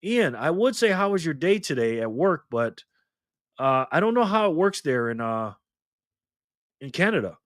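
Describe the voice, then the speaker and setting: A man's voice: a little high, big pitch swings, moderate pace, long pauses, a bit bright, no room sound, studio quality. A man hosting a casual live stream, greeting viewers by name and reading their chat messages aloud in an upbeat, loose way. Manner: loose delivery with fillers and laughs.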